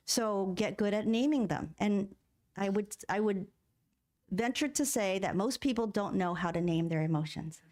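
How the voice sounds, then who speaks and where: A woman's voice: mid-range voice, a little mellow. A middle-aged woman minister giving a sermon in a church, talking conversationally, asking the congregation questions and acting out inner voices. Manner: acts out inner voices in quotes. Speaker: guest minister. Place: church sanctuary.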